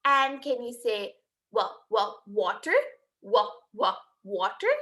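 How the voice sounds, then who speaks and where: A woman teaching a children's phonics lesson, speaking slowly and encouragingly and repeating each sound for the children to copy. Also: mid-range voice, sharp tone.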